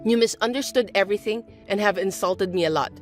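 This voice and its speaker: A woman reading a dramatized text-message story in a calm, dry, matter-of-fact way. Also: mid-range voice, fast talker, soft background music. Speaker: story narrator and main character. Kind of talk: texting-story dialogue reading.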